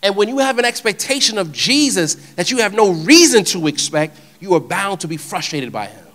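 A man giving an informal, conversational sermon, animated and shifting between soft and loud delivery. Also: high voice, a little fast. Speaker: preacher.

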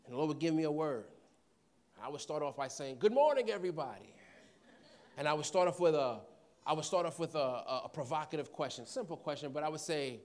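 A man's voice: fairly high pitch, animated, fairly quick, pauses often. A man preaching a sermon, telling stories, acting out voices and laughing often. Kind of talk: sermon with storytelling.

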